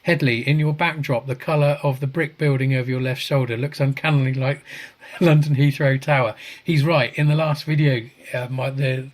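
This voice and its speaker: A man with an ordinary mid-range voice co-hosts a relaxed podcast over a video call. He reads viewer comments aloud with frequent chuckles, and he trips over and restarts his sentences. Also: medium pitch, moderate pace, hardly any pauses. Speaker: podcast co-host. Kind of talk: casual chat, reading out viewer comments.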